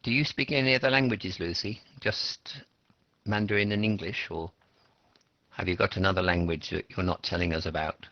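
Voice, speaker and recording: A man's voice: deep voice, fairly even intonation, moderate pace, no room sound. A middle-aged Australian man teaching an English class, explaining patiently and asking students questions. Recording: lo-fi classroom recording.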